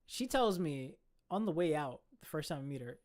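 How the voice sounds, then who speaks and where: A young man casually telling a story, animated and profane, full of slang. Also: on the high side, moderate pace.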